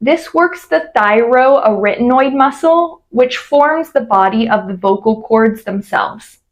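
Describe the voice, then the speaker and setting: A woman coaching vocal exercises, explaining clearly and demonstrating glides. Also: on the high side, lively intonation, slow pace. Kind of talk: instructional voice exercise lesson.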